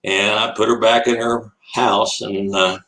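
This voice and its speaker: A man's voice: fairly low pitch, flat delivery, unhurried, fairly bright tone, slight background noise, rough recording. An older man, an animal educator, telling a long anecdote as an interview guest, laughing often and acting out the voices in his story.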